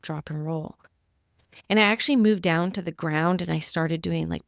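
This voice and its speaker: A woman's voice: fairly low pitch, smooth, no room sound, clean studio sound. A woman speaking as a spiritual medium, sharing messages in an earnest, heartfelt, casual podcast talk.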